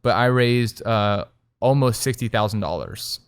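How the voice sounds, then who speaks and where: A young man, telling his story as a restaurant owner in a lively, casual interview, filling his talk with "like". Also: fairly low pitch, smooth, dry recording, studio quality. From Texas. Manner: animated, quick storytelling full of "like". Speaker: restaurant owner and chef, guest.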